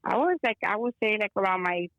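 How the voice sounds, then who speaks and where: A woman calling in as a guest speaks quickly at a medium pitch, her intonation lively and her tone fairly bright, though the phone or video call audio sounds dull. Her long, casual story wanders, heavy on fillers and mixed with Spanish phrases.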